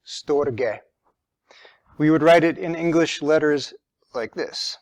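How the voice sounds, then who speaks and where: A man's voice: on the high side, flat delivery, moderate pace, clean tone, no room sound. A man teaching a religion lesson in a patient, methodical way, stressing key words as he explains.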